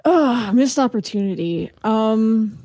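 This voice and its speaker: A woman's voice: fairly high pitch, expressive, slow pace, warm tone, dry recording, studio quality. A woman co-hosting a casual podcast, speaking frankly and sarcastically with hedging fillers. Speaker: podcast co-host.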